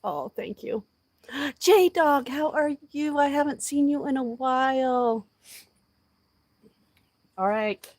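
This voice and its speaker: In a high voice with lively intonation, a woman speaks slowly and leaves long pauses as she chats outdoors with her live audience, with no room sound. She is emotional and heartfelt and talks softly to animals.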